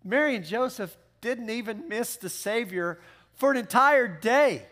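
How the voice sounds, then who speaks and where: Animated high-voiced male pastor preaching. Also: measured pace. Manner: animated, conversational preaching with joking asides. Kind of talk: sermon.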